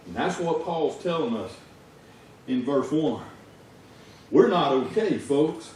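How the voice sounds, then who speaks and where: A man's voice: a little high, expressive, unhurried, slight background noise. A man with a Southern US accent preaching a folksy, conversational sermon as a lay preacher. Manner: folksy, conversational, rising to shouts in stories. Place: church sanctuary. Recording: echoey church heard from far off.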